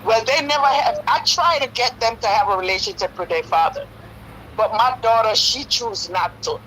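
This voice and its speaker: A woman's voice: on the high side, moderate pace, fairly bright tone, a little hiss or hum, rough recording. Hurt, pleading woman caller in her fifties. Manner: hurt, pleading, tells her story at length. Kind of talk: call-in radio talk.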